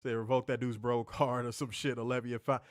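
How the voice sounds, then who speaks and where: A man's voice: mid-range voice, flat delivery, brisk, dry recording, studio quality. A man hosting a podcast, telling a story in a loose, profane way and laughing often. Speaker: podcast host. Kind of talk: casual storytelling chat.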